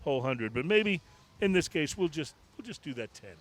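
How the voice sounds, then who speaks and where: A man's voice: a little high, sing-song, brisk. A man co-hosting a casual podcast recorded on location in a bar, rambling through a list with many fillers and restarts. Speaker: podcast co-host. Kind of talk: casual chat.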